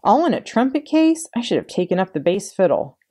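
A woman's voice: lowish voice, lively intonation, fast talker, dark tone, no room sound, clean studio sound. A woman voicing an impatient young boy who whines and demands in a raised, pushy voice. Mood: eager. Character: boy of about nine, grumpy and impatient.

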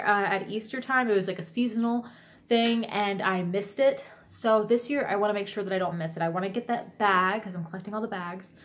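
A woman's voice: medium pitch, fairly bright tone, a little hiss or hum. A woman vlogging in a casual, rambling way, enthusiastic and full of fillers and restarts. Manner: rambling and enthusiastic, many fillers and self-corrections. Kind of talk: casual chat vlog.

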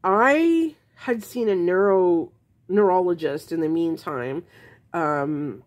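A woman's voice: fairly low pitch, animated, slow pace. A woman vlogging to camera, frankly telling her own story in a casual, exasperated way, rambling with restarts.

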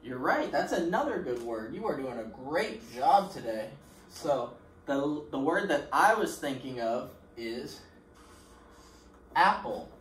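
Preschool teacher guy, slow and bouncy, encouraging the kids, echoey room w/ a little hiss. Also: mid-range voice, very animated, a bit bright. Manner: encouraging, speaks slowly with pauses for the children to answer. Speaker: pre-K teacher. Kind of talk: recorded remote lesson for young children. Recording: roomy echo with faint background noise.

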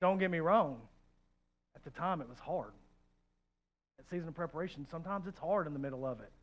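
A man preaching a sermon, animated and joking, swinging from hushed asides to loud outbursts and acting out quoted voices. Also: on the high side, fairly quick, lo-fi sound. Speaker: pastor.

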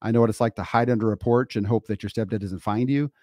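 A man's voice: on the low side, steady tone, fast, mellow, no echo, studio quality. A man co-hosting a podcast, talking earnestly and emphatically, laying out his points one by one. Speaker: podcast co-host. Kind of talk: casual podcast chat.

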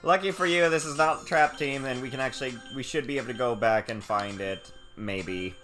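A playful man giving casual, jokey game commentary. His voice sits at a middle pitch, and game music plays clearly behind him. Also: fairly quick, a bit bright. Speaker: streamer.

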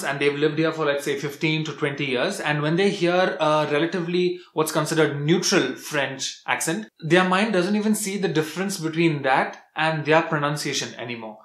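A young man from India, giving a relaxed, chatty vlog tutorial full of restarts. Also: on the high side, echoey room. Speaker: language vlogger.

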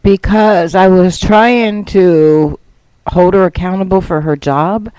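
A woman's voice: lowish voice, takes it slowly, mellow, clean tone, no room sound, rough recording. A woman guest on a radio talk show, telling a long rambling story in casual chat.

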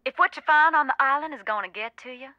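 A woman's voice: high voice, fast talker, sharp tone, dry recording, highs cut off. An actress playing a serious Southern woman who calls with a case in a game. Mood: earnest. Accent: American Southern. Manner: earnest, warning.

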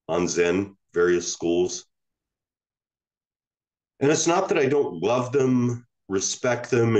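A male Zen teacher gives a reflective dharma talk. His voice is low and unhurried, and he often stops and restarts his phrases as he thinks them through.

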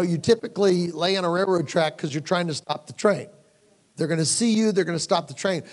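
A man preaching at a conference, slightly higher-pitched than most men, speaking in a loose, storytelling way. He moves between lively, raised passages and hushed, low asides when he quotes himself. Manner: storytelling, conversational, animated; drops to hushed tones for quoted moments. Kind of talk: sermon. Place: conference hall.

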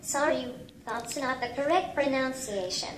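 A robot language tutor speaking in a female synthesized voice, with flat, evenly paced phrases that it repeats word for word. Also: sits high, moderate pace, a crowd in the background, lightly acted. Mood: patient. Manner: repeats the same set phrases. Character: small humanoid robot language tutor, polite and patient. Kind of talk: synthesized speech. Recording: echoey room with faint noise.

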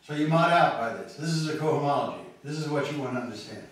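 A man's voice: on the high side, quick pace. A male mathematics professor giving a university lecture, thinking aloud and often checking in with the class. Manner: thinking aloud, frequent restarts and checks with "okay?". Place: large echoey lecture room. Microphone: distant room mic. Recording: very echoey hall, voice from far off, faint noise.

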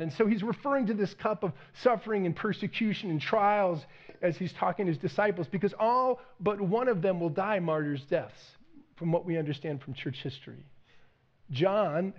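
A man preaching a sermon as pastor, conversational and animated, acting out quoted lines with rising intensity. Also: on the high side, highs cut off.

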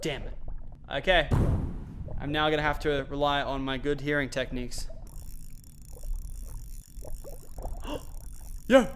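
A young man with an Australian accent giving excitable let's-play commentary, shouting and groaning at the game and talking to himself. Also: mid-range voice, normal speed, pauses often, a little hiss or hum. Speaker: gaming channel host.

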